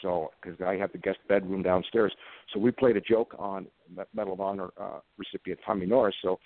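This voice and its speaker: A man's voice: deep voice, steady tone, fairly quick, no room sound. A man in his fifties, a police officer guest, telling anecdotes in an earnest, plain-spoken way. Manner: earnest, plain-spoken, emotional when recalling events. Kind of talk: anecdotal storytelling in conversation. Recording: tinny phone-like line, dry sound.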